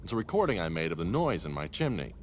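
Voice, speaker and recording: Breezy cartoon millionaire. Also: male voice, deep voice, big pitch swings, quick pace. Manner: casual, easygoing. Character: breezy male millionaire, casual and friendly. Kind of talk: animated series dialogue. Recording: loud hiss over a show clip.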